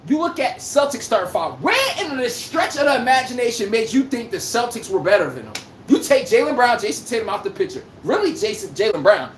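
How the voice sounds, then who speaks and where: A man hosting a sports podcast livestream, taunting rival fans in heated talk to his live chat and shouting some lines. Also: sits high, roomy sound, a little hiss or hum, low-quality recording. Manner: brash trash-talking, taunting, shouts out lines.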